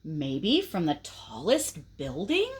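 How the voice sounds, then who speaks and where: A woman voicing Max, a curious and determined little boy in a picture book, in a high, eager voice. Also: wildly swooping pitch, slow pace, exaggerated voice.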